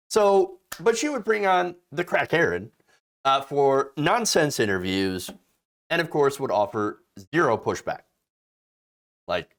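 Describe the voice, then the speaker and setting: A man hosts casual political commentary in a sarcastic, mocking tone. His voice swings widely in pitch, climbing high when he mimics others. He sits at an ordinary middle pitch for a man. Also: very animated, unhurried.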